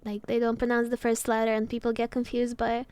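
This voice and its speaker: A woman's voice: fairly high pitch, completely flat delivery, brisk, a little mellow, smooth, no room sound. A woman streamer chatting casually as she reacts to a video, laughing often and swearing freely.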